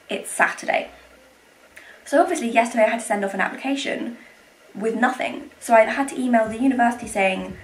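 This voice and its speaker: A woman's voice: medium pitch, a bit bright, echoey room, a little hiss or hum, poor audio. Exasperated woman vlogging. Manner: exasperated ranting, restarts and trails off. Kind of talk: casual vlog.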